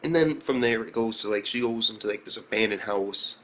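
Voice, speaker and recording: A young man giving a casual, profane, excitable recap of an anime episode, often breaking into high exclamations. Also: a little fast. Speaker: anime reviewer.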